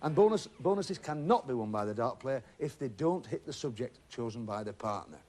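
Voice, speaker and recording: Joking game show host, lively pitch. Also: male voice, fairly quick. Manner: chatty, joking, teasing contestants. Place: TV studio with a live audience.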